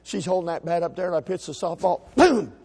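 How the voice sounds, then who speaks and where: A middle-aged man preaching a sermon as a pastor, folksy and emphatic, with shouted peaks. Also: fairly high pitch, steady tone, quick pace, vocal fry, breathy edge, in a large hall. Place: church sanctuary.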